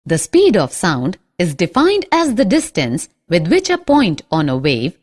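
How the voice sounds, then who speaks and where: A woman giving scripted narration for a school science lesson, reading in a clear, explanatory way. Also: on the low side, wildly swooping pitch, a little slow.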